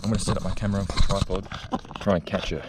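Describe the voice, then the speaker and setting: An Australian nature vlogger outdoors in a bushland reserve talks to the camera, gently and excitedly coaxing a spider out of its burrow while thinking aloud. His voice is low-pitched and very fast, with heavy background noise.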